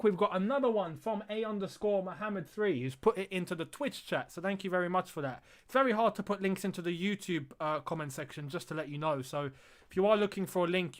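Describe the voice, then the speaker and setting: It's casual live match chat from a streamer at his desk, a man with a fairly high voice for his sex. Excitable and talkative, he's quick to laugh with viewers and lets out yelps when the play on the pitch gets going.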